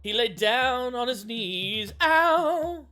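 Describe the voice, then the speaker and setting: A woman streamer narrating a comedic tabletop adventure, crude and animated with loud outbursts. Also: a little high, unhurried, soft background music. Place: home streaming setup.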